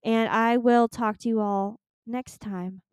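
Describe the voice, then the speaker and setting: A woman's voice: fairly high pitch, fairly even intonation, takes it slowly, clear, resonant tone, no room sound, studio quality. A young woman hosting a solo podcast, chatting in a gushing, rambling way and swearing casually. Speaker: podcast host.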